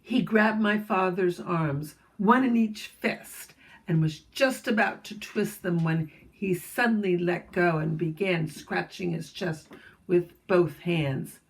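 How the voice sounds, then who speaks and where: A woman reading a children's chapter book aloud, gentle and storytelling, with asides to young listeners. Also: on the low side, takes it slowly, rough recording.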